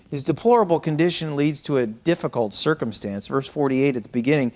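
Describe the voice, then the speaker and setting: A middle-aged man preaching a sermon, swinging between raised cries and hushed, almost whispered passages. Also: fairly high pitch, fairly quick, hardly any pauses. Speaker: pastor.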